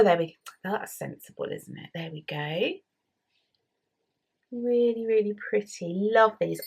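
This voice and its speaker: An English woman hosting a knitting podcast, chatting casually to a camera at home and often trailing off into soft near-whispers. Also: medium pitch, creaky, husky. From England. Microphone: camera mic.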